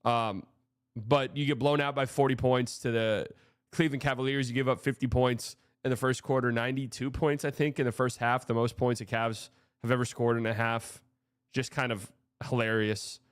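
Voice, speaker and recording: This man speaks at a normal speed with a smooth, medium-pitched voice and flat delivery; the studio-quality audio has no echo. His casual live-stream commentary wanders frankly through sports news, with frequent swearing and restarted sentences.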